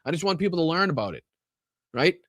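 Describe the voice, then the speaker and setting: A man hosting a live political podcast, ranting angrily and swearing, swinging between loud outbursts and low muttering, with a Boston accent. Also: big pitch swings, fast talker, dry recording, clean studio sound. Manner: profane, exasperated, swings from shouting to muttering. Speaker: podcast host. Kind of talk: angry livestream rant.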